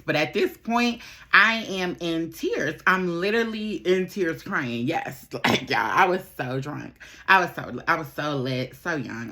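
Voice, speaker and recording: A young woman vlogger with a fairly low, bright, forceful voice tells a candid storytime while doing her makeup. She's chatty, swears freely, and keeps repeating her phrases.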